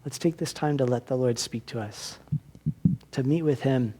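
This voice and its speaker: A man's voice: medium pitch, moderate pace, warm tone, slightly rough. Earnest man preaching a sermon. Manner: earnest, exhorting, with frequent restarts. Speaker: pastor. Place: church service.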